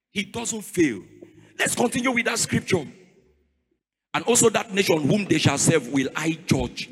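High-voiced Nigerian preacher in a hall. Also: male voice, animated, moderate pace, husky. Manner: sing-song preaching cadence, rising to shouts. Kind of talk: sermon. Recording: reverberant hall with faint music.

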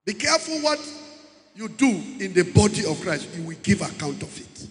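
A man's voice: high-pitched, very animated, moderate pace. A man preaching a sermon, emphatic and repeating key words as he calls out to the congregation. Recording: echoey hall with long reverb.

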